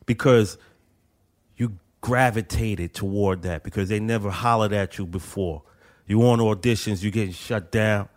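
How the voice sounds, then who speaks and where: A man's voice: fairly low pitch, normal speed. A man with a New York accent co-hosting a podcast, talking bluntly in slang with lots of profanity. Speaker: podcast co-host. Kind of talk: casual podcast chat.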